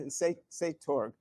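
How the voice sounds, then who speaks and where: Brief: older male guest speaker, slightly high voice, dry close sound, animated chuckling anecdotes. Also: no room sound. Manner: animated, chuckling storyteller with frequent restarts. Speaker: guest speaker answering audience questions. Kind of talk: live Q&A anecdote telling. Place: event hall before an audience.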